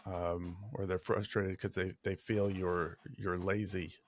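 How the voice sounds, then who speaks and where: A man speaking as a relationship coach on a podcast, in a measured and thoughtful way. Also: low voice, little pitch movement. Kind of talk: casual podcast chat.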